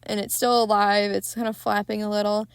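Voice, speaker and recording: A young woman hosts a podcast, retelling a film in a loose, candid, excitable way and swearing freely. Her voice sits at a middling pitch. It is close and dry, with no room sound. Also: brisk, vocal fry, clean tone, no echo. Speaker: podcast host. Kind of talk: casual film recap.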